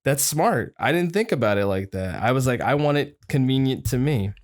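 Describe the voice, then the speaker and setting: A man's voice: medium pitch, lively intonation, moderate pace, dry recording. Rambling storyteller man, dry mic. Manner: rambling storyteller, acts out quotes in raised voice, swears. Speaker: podcast host. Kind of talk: casual chat.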